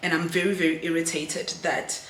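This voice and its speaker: A woman's voice: lowish voice, little pitch movement, brisk, a bit bright. A South African woman in her thirties, from Durban, talking candidly and rambling a little in a personal vlog. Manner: rambling, candid, self-digressing. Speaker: vlogger. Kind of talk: candid confessional vlog chat. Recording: echoey room, faint noise.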